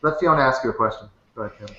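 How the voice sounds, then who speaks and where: A man's voice: medium pitch, very fast, pushed and bright, echoey room, muffled recording. A man hosting an online chat, thinking aloud and restarting his sentences as he asks questions. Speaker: host and moderator. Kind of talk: casual debate chat. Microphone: webcam headset or desk mic.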